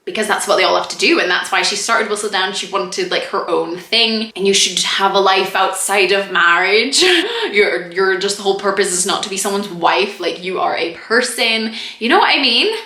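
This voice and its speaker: A young woman chatting casually as she reviews a TV series, full of "like" and quick laughs. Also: medium pitch, lively intonation, sharp tone. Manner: chatty, lots of "like", quick laughs and mock quotes. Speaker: TV review vlogger. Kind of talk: casual review chat to camera. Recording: echoey room.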